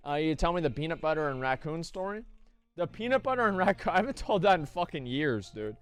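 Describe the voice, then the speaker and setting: American man, casual storytelling, profane, lots of fillers, slightly higher pitch. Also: very animated, fast, a bit bright, clear, resonant tone. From United States. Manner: rambling, profane, many fillers. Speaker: streamer.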